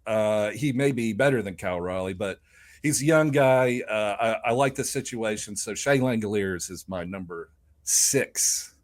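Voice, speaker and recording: A man's voice: fairly low pitch, unhurried. A man co-hosting a casual fantasy sports podcast. He rambles and jokes, and he swears casually. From lives in Nashville. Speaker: podcast co-host.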